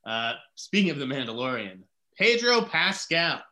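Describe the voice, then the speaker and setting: A man's voice: medium pitch, very animated, normal speed, pushed and bright. A man hosting a film podcast, chatting casually and ranting with strong opinions. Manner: talkative, opinionated, launches into rants. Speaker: podcast host, film reporter.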